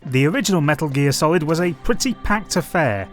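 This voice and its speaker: A young man reading a measured, lightly wry scripted game review. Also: a little high, expressive. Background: faint background music.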